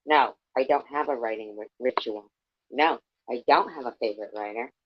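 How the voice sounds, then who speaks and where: A woman's voice: rumbling low, moderate pace, background noise. A woman reading aloud as a jaded, boozy older woman author who sneers through weary complaints. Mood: irritated. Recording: dull lo-fi dry sound.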